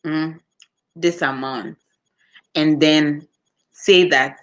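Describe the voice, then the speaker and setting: A woman with a Ghanaian accent chatting casually as she answers viewer comments, telling animated stories about customers and acting out their voices. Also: low-pitched. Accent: Ghanaian English. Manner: animated storytelling, acts out customers with quick voice switches and laughter. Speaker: customer service worker, vlogger.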